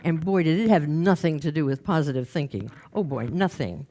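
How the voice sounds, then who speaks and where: A woman giving a talk on stage, telling humorous anecdotes with quick asides. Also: low voice, lively intonation, dark tone. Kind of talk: storytelling motivational talk. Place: lecture stage with slides.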